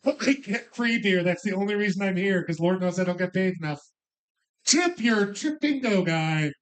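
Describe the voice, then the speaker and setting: A man calling bingo numbers in a bar, drawing each number out slowly between joking asides to the players. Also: sits high, animated, clean tone. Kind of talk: live bingo calling with banter.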